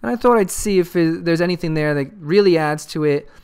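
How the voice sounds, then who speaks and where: A man hosts his card game channel in a loose, joking style, full of fillers and restarts. His voice sits fairly high for a man. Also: fairly quick, a little mellow, smooth. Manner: rambling and joking, with many fillers. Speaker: channel host. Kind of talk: casual card game commentary.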